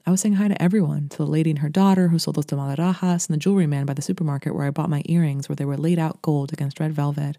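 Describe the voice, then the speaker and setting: A woman from Brooklyn narrates a literary short story in a steady, intimate way. Her voice is deep-toned and mellow, and she moves briskly through the sentences. The sound is dry and close, with no room around it. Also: dry recording. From Brooklyn, New York. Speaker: podcast host and writer.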